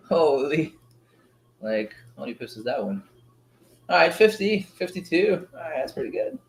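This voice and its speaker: A man hosting a live forex trading stream, chatting casually and excitedly to viewers in slangy talk. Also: a little high, slow, creaky, pauses often. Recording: roomy echo.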